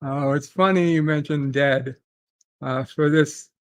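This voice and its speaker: A man hosting a relaxed live-stream chat, talking slowly with a slightly high, gravelly voice. He stumbles and repeats himself, filling pauses with ums and uhs, and the sound is dry and close. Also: dry recording. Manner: halting, repeats phrases with many fillers. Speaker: host reading chat.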